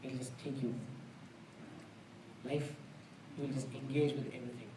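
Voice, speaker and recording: Heard from a distant mic in a roomy temple hall with background noise, a spiritual lecturer speaks in a mid-range, level voice at normal speed. His conversational discourse is earnest, plain-spoken, and built on homely examples.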